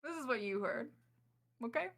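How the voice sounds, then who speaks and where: A woman's voice: high voice, expressive, normal speed, gravelly, a bit bright. A young adult woman narrating as game master in a chatty, affectionate way, with frequent ums.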